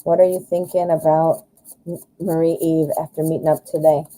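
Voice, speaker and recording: Speaking in a low, warm, level voice at an ordinary pace, a married adult American woman hosts a tarot reading live stream. She wanders off on tangents, fills her thinking-aloud with fillers, and teases herself. The audio is low quality.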